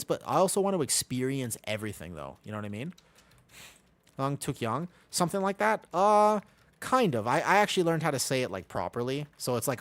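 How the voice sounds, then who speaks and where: A young man streaming a game, chatting in a rambling, self-deprecating way between game calls. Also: medium pitch. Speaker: streamer playing a tank. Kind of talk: casual chat while gaming.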